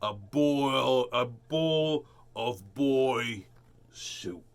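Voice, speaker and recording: A man's voice: mid-range voice, very slow. A man casually chatting and reading a picture book aloud, breaking into dramatic lines for the characters. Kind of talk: storybook read-aloud with chat.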